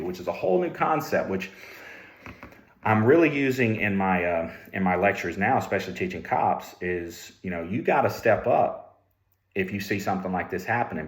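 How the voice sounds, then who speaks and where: A middle-aged man with a very low voice tells stories from his years as a trooper, loose and conversational, often circling back and restarting his words. The room around him is roomy and echoey. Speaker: police ethics lecturer, former trooper. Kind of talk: candid storytelling. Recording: roomy echo.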